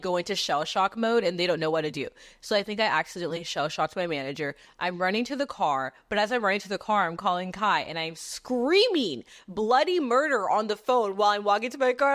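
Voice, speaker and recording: A young woman hosting a podcast, telling a story in casual chat, animated, swearing freely and saying "like" constantly. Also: mid-range voice. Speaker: podcast host.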